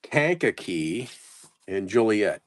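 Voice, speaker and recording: A man's voice: lowish voice, big pitch swings, takes it slowly, no echo. A man running a casual live sales stream, reading out place names and stumbling over how to say them, self-mocking. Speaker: live-stream postcard seller.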